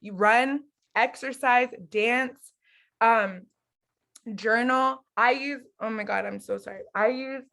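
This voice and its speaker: A woman's voice: a little high, slow, creaky, a bit bright. Earnest woman coaching on marriage. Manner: earnest, conversational, acts out quoted lines. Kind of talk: casual teaching talk to followers.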